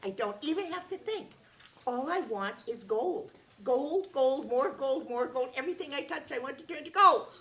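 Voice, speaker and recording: Storybook king, greedy and loud, raised gravelly voice, a woman doing him. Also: high voice, expressive, normal speed, recorded from a distance, a little hiss or hum, voice pushed up. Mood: greedy excitement. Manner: loud and eager, shouting his wants. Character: greedy excitable king, middle-aged man.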